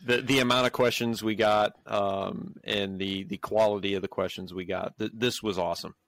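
A man co-hosting a podcast, earnest and halting, with restarts. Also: lowish voice, steady tone, gravelly, fairly bright tone. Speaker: podcast co-host. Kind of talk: casual podcast chat.

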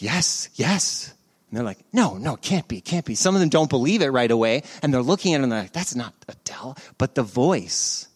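A man preaching a sermon as the pastor, telling a story in a lively way and slowing down for emphasis. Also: mid-range voice. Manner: storytelling, animated, slows for emphasis.

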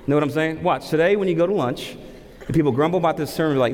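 A man preaching a sermon as pastor, animated, asking rhetorical questions and repeating words for emphasis. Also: fairly high pitch, rapid-fire, a little hiss or hum. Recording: long hall reverb.

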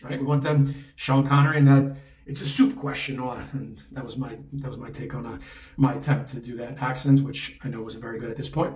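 A man's voice: medium pitch, darkish tone. Male coach, echoey and off-mic. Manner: conversational, keeps asking "right?". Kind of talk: spoken coaching talk. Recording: roomy echo, mic at a distance.

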